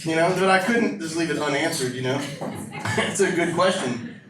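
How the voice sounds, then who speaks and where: A man with a fairly high voice performs a stand-up set in a club at normal speed, his style brash, profane, and riffing. It's captured from a distance in a roomy live recording, with a noisy background of audience laughter and room ambience.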